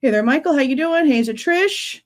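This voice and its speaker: A woman's voice: sits high, expressive, brisk. A young woman hosting a true crime livestream, chatting casually, sounding exasperated and greeting viewers in the chat by name. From Texas.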